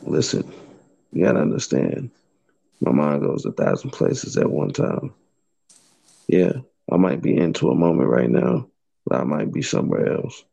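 A man talking low and slangy in casual chat, a little tipsy after a couple of drinks, with a very low gravelly voice. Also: huge pitch swings, unhurried, long pauses, mellow, highs cut off.

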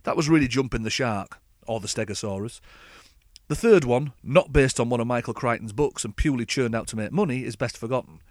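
A man delivers a scripted comic rant with a sardonic edge, his voice sitting at an ordinary middle pitch. The recording is close and dry, with no room sound around him. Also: a little fast, dry recording. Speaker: podcast host.

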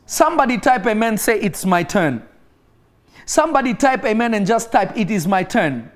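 Very animated, with a high voice and a moderate pace, a man preaches a sermon online. He narrates a healing and exhorts his listeners with emphatic, repeated phrases, sometimes shifting into praying in tongues.

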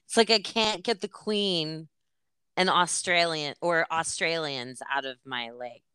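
A woman's voice: sits low, unhurried, sharp tone, clear, resonant tone, dry recording, clean studio sound. A woman hosting a podcast in casual chat, rambling and laughing as she cuts herself off. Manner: rambling, laughing, self-interrupting. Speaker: podcast host.

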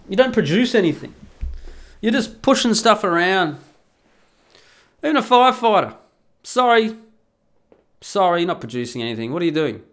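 Angry, swearing man ranting. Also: high-pitched. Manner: angry, profane, ranting, scornful. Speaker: podcast host. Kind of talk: solo podcast rant.

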